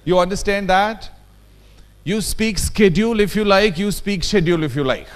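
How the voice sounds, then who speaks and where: A man's voice: high voice, moderate pace, clean tone. Emphatic Indian man giving a workshop. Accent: Indian English. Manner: emphatic, often checks in with the audience. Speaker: workshop trainer. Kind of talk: lecture workshop. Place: conference hall.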